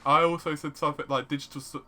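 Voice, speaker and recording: A man co-hosting a casual tech podcast, excitable and quick to jump in with jokes. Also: a little high. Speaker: podcast co-host.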